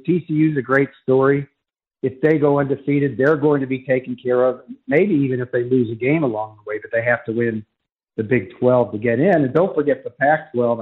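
A man's voice: medium pitch, slightly rough. A man calling in as a college football writer, giving emphatic, argumentative analysis on sports radio over a phone line.

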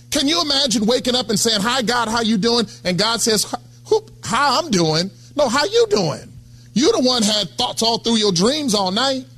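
High, bright-voiced preacher man. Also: slightly rough. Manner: conversational preaching, calls out to congregation. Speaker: pastor. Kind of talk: sermon.

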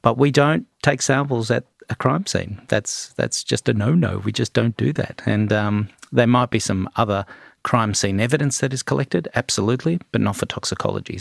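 A middle-aged man, a forensic toxicologist answering interview questions in a measured way, with frequent ums and restarts. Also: lowish voice, vocal fry, dry recording, studio quality.

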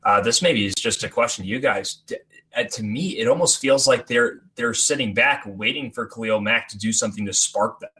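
A man's voice: fairly low pitch, brisk, bright, forceful tone. A man co-hosting a sports podcast, building his point carefully with examples. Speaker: podcast co-host.

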